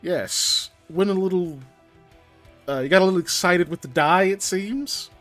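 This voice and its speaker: A man voicing a suave male devil who flatters and gently mocks, with a voice pitched a bit above his own, in a tabletop game. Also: a little slow, soft background music. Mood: teasing. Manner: smooth, flattering, gently mocking. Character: suave teasing male devil, generous patron.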